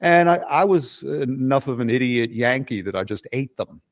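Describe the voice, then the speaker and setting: A man's voice: medium pitch, expressive, normal speed. A middle-aged man guesting on a podcast, talking bluntly and profanely in a casual chat, with frequent restarts.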